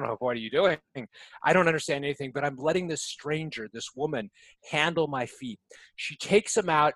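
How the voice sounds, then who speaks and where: A man telling a long personal story as a podcast guest, rambling and restarting his sentences, then slowing into a reflective tone. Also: on the high side, fairly bright tone, no room sound, poor audio. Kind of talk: casual storytelling.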